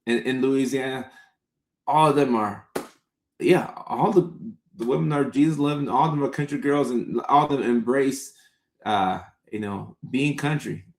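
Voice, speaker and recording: A man's voice: medium pitch, moderate pace, gravelly, reverberant. A man hosting a live stream, chatting casually and responding to viewer comments. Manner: laid-back, chatty, reads out viewer comments.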